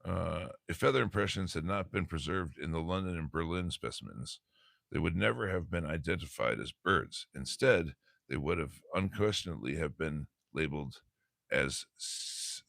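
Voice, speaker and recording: A man's voice: deep voice, lively intonation, normal speed, creaky, fairly bright tone, dry recording, clean studio sound. A man teaching a casual lesson, reading a textbook aloud in a laid-back, slangy way, often stumbling over words, recorded on a phone.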